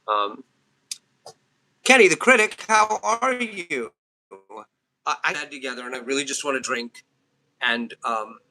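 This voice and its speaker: Bright-voiced man in his fifties. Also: medium pitch. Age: 50s. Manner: laughs often, talks back to chat comments. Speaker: live streamer. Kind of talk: rambling casual live stream chat. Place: home, near a trailer.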